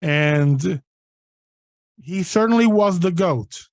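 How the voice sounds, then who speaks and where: A man narrating a tabletop role-playing game as game master, setting scenes in a deliberate way. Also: high-pitched, expressive, darkish tone, no room sound.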